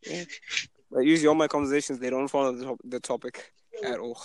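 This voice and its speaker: In a rough recording with no room sound, a young podcast host chats at a quick pace with fairly even intonation and a darkish tone. He tells stories casually, acting out quoted people in a higher voice.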